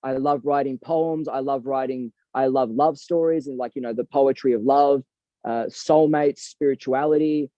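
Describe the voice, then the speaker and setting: A man's voice: medium pitch, fairly even intonation, normal speed, warm tone, no echo. A man speaking as a guest in an interview, earnest and heartfelt, talking in a reflective, emphatic way. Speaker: boxing coach and guest. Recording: dull lo-fi dry recording.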